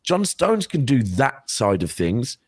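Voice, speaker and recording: A man's voice: medium pitch, very animated, slow, breathy edge, no echo. A man on a football panel show, making his point earnestly with many restarts. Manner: earnest, argues with lots of restarts. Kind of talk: casual panel chat.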